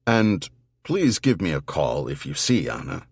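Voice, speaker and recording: A man's voice: low voice, very animated, measured pace, breathy edge, dry recording, heavily acted. A man voicing a pragmatic male army investigator in an audiobook, dry and businesslike.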